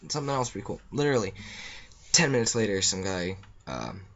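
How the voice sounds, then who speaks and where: A man's voice: on the low side, lively intonation, brisk, a bit bright, muffled recording. A young man telling a story in a rambling, offhand way, with lots of fillers. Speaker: vlogger. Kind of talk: casual storytelling.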